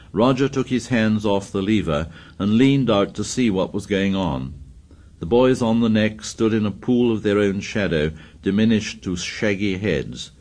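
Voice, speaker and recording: Man, low voice, audiobook narration, measured and steady. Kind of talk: scripted narration.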